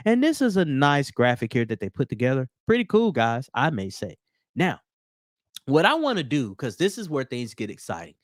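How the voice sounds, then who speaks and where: A man's voice: on the high side, no room sound, studio quality. A man with a Southern US accent hosting a crypto news show, chatting casually to viewers while showing photos. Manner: animated, chatty, addresses viewers as guys. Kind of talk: casual commentary over on-screen photos.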